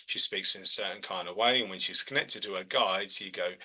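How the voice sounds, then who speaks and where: A man's voice: deep voice, a little fast, few pauses, pushed and bright, rough recording. A man who works as a trance medium, answering students' questions in a chatty teaching manner. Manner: chatty, frequent "all right?" check-ins. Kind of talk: relaxed teaching in a video call.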